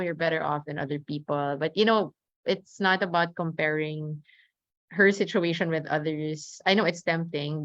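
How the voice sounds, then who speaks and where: At a webinar, a young woman earnestly shares her experience as a family caregiver for her mother, using many fillers and restarts. Her voice sits low with a fairly bright tone, with no room sound, coming through dull lo-fi video call audio.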